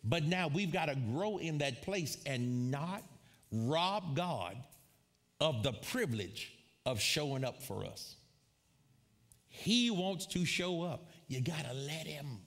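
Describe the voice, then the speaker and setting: Animated, bright-voiced male preacher. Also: a little high. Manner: animated storyteller, laughs often, calls out to congregation. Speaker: pastor. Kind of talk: sermon with storytelling. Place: church before a live congregation.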